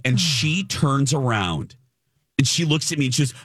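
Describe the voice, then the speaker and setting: A man's voice: mid-range voice, moderate pace, breathy edge, no echo, clean studio sound. A man hosting a podcast, telling a story in a casual, emphatic and indignant way. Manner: animated, emphatic, indignant retelling.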